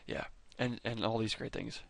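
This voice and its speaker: A man's voice: on the low side, normal speed, vocal fry, a bit bright, no room sound. A man hosting a fan video, chatting casually over clips with enthusiasm, rambling and often stopping to correct himself. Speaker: fan video host ranking characters.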